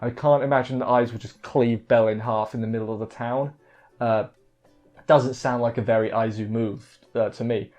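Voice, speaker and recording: A man's voice: mid-range voice, steady tone, normal speed, a little mellow. A man casually recapping an anime episode, rambling, restarting words and filling gaps with "like" and "you know". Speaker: anime reviewer. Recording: dull lo-fi audio with faint music.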